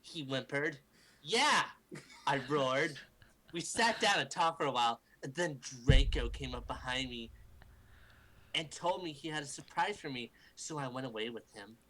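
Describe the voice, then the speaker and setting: A man's voice: mid-range voice, lively intonation, normal speed, sharp tone, rough recording. A man reading fan fiction aloud to a group for laughs, in a mock-dramatic way, stopping to joke and swear. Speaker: group reader. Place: home recording for a livestream.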